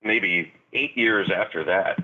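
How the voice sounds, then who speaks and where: A man, a comedian and guest, chatting casually over a remote call in a relaxed way, chuckling between thoughts. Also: low-pitched, slow pace. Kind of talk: casual chat. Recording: tinny phone line.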